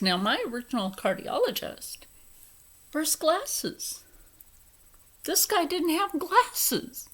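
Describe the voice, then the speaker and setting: A woman's voice: on the high side, sharp tone. A young woman with a Philadelphia accent ranting to camera, profane, indignant and emphatic. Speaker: vlogger. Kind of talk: angry rant to camera.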